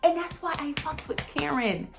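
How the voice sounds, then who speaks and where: A woman's voice: sits high, normal speed, creaky. Young woman vlogger going off, casual and sweary, voice all over the place, faint music under it. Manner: animated, swearing, jumps between topics, mimics others. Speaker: vlogger recapping reality TV. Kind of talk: casual chat.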